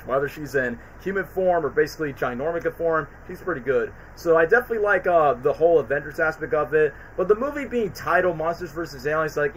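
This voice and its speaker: A man's voice: fairly high pitch, a bit bright, a little hiss or hum, rough recording. A man hosting a casual stream chat, rambling with lots of fillers. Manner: rambling, quotes movie lines in put-on voices, many fillers. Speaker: streamer host.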